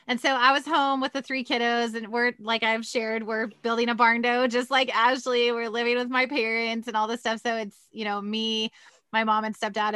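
A woman, a mother of three, telling a story in an animated way during a casual faith chat. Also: fairly high pitch, dry recording.

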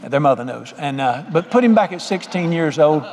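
A man's voice: a little high, expressive, normal speed, darkish tone, long reverb tail. A middle-aged man preaching a sermon, telling a folksy story and putting questions straight to the congregation.

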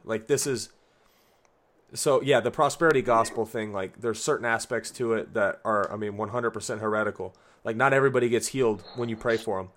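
A young man co-hosting a casual talk about faith, earnest and relaxed, saying "like" often. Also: mid-range voice. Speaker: podcast co-host.

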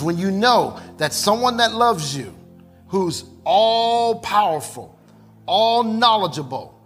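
A middle-aged male pastor delivering a sermon in a voice pitched a touch above most men's. He leans hard on repeated phrases and draws the congregation into call and response. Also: fairly bright tone. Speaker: preacher.

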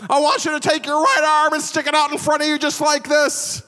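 A man doing a squeaky scrawny professor. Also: monotone, brisk, sharp tone. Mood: ceremonious. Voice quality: high and squeaky. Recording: long hall reverb.

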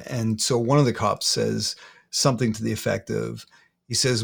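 A man, a guest in an interview, retelling a painful personal story haltingly, often repeating words. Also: on the low side, fairly even intonation, gravelly, slightly rough.

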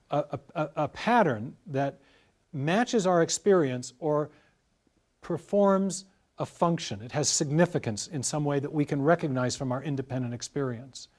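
A middle-aged man with a slightly raised speaking pitch talks through ideas in a measured, explanatory way. He builds his points with step-by-step illustrative stories. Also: expressive, a little mellow. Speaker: guest scholar. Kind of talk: explanatory interview talk.

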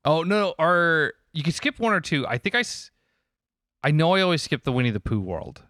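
A man's voice: on the high side, expressive, moderate pace, bright, forceful tone, dry recording, clean studio sound. A man co-hosting a podcast, chatting casually about video games, laughing easily and swearing now and then. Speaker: podcast co-host.

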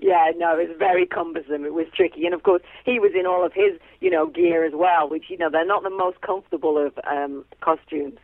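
A woman actress chatting as a guest, warm and chatty with lots of fillers and easy laughs. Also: fairly low pitch, fairly even intonation, fairly quick, few pauses, no room sound. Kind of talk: casual phone interview. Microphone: telephone. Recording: tinny phone line.

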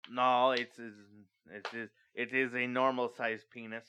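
A man co-hosting a comedy podcast, making crude deadpan jokes. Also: medium pitch, measured pace, slight background noise. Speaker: podcast co-host. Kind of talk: casual comedy podcast chat.

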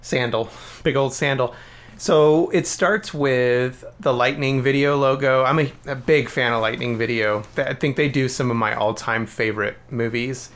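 A podcast co-host chats eagerly about films, laughing often. His mid-range, fairly bright voice stays steady at a moderate pace.

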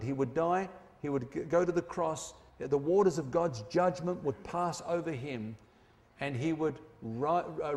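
A man preaching a sermon, emphatic, slowing down and dropping low on key phrases. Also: darkish tone, big-room sound.

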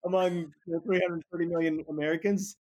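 A man's voice: a little high, fairly even intonation, a little fast, darkish tone. A middle-aged man, a politics professor, talking through ideas in an interview, often restarting and repeating words as he thinks. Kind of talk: academic interview conversation.

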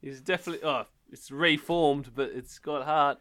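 Bright-voiced man reacting with laughs. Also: a little high. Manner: reacts with laughs and quick asides. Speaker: podcast co-host. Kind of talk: casual comedic chat.

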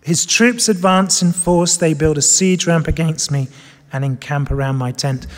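A man preaching a sermon, swinging between loud emphatic lines and soft, low asides. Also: moderate pace, big-room sound. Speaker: pastor. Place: church hall with screens.

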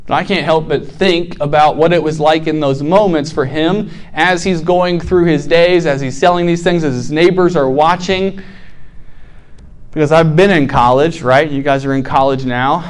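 A young man preaching to college students, telling a parable with lively acted-out voices and lots of "right?" and "like". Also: a little high, moderate pace. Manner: animated storytelling, acts out characters, frequent "right?" and "like". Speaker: campus ministry preacher.

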